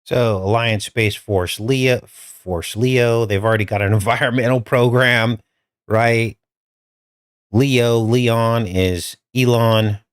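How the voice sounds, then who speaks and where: A man's voice: mid-range voice, fairly even intonation, slow, smooth, no echo. A male host giving chatty, conspiratorial commentary over a film.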